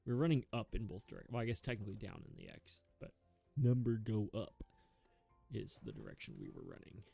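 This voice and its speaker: A man's voice: on the low side, expressive, quick pace, vocal fry, warm tone, slightly rough, faint music behind. A young man giving rambling, self-mocking commentary while playing a video game, chuckling often. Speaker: gaming YouTuber. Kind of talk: casual gameplay commentary.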